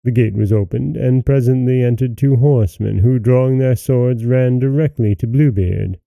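A man narrating a fairy tale as a podcast host, in measured, even storytelling. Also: mid-range voice, vocal fry, dry recording.

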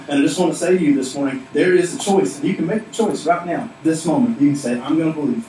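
A man's voice: fairly high pitch, quick pace, hardly any pauses, darkish tone, a little hiss or hum. A man pastor preaching a sermon in a church, emphatic and repetitive. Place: church sanctuary. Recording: echoey hall, mic at a distance.

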